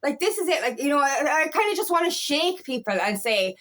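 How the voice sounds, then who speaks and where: A woman's voice: high-pitched, big pitch swings, fairly quick, fairly bright tone. A young woman coach giving a fiery motivational talk, swearing often and repeating herself for emphasis. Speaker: empowerment coach. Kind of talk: impassioned motivational monologue.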